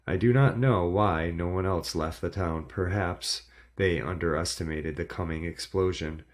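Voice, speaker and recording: A man reading a first-person horror story aloud in a measured, dramatic storytelling delivery. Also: sits low. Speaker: narrator.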